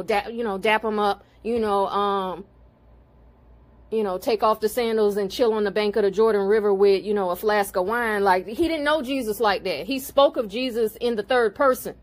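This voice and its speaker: A woman's voice: mid-range voice, normal speed. A woman spiritual card reader and healer talking casually to her viewers, blunt and profane, growing heated and preachy.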